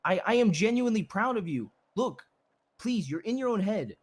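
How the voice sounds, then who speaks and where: A man's voice: high voice, very animated, moderate pace, breathy edge, heavily acted. A man playing a blunt, devoted husband. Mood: earnest. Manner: earnest, repeats himself pleadingly. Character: blunt, devoted husband consoling his wife. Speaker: role-play gamer. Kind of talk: in-character role-play.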